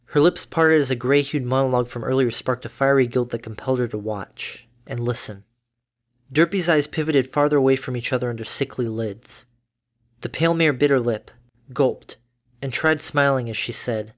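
Woman narrator, deep voice, steady reading, storybook narration. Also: moderate pace. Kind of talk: fan fiction reading.

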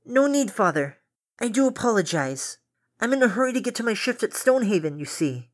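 A man voicing a dutiful young pony mare in a storybook reading, in a hurried, apologetic way. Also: high voice, sing-song, voice pushed up.

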